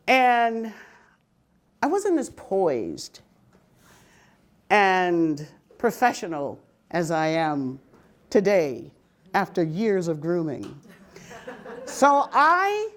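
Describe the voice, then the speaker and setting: An older woman telling stories from her working life, humorous and lively, often laughing. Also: lowish voice, extremely slow, long pauses. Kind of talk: personal storytelling talk.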